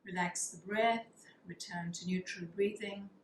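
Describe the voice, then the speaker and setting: A woman teaching a yoga class, guiding breathing practices in a calm, soothing way and counting the breaths. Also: medium pitch, a little slow, a little hiss or hum. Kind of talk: guided yoga breathing instruction. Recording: echoey room with faint ambience.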